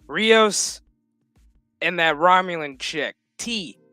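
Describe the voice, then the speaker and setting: A man's voice: high-pitched, animated, takes it slowly, bright, forceful tone, clear, resonant tone, no room sound. Rambling, foul-mouthed male streamer. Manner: rambling, profane, laughs often. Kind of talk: casual episode recap. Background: background music.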